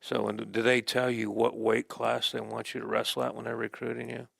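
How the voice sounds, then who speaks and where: A man's voice: medium pitch, flat delivery, fairly quick, vocal fry, a bit bright, no echo. A man hosting a local sports talk show, interviewing a young wrestler in a chatty, jokey way. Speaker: host.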